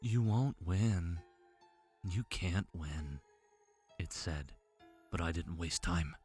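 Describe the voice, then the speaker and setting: A man narrating a horror story in a tense, dramatic way. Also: deep voice.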